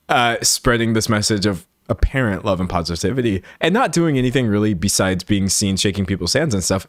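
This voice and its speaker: A man's voice: lowish voice, dry recording, clean studio sound. A man hosting a sarcastic reaction commentary, mocking and casual, with slang and stumbling repeats. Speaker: commentary host.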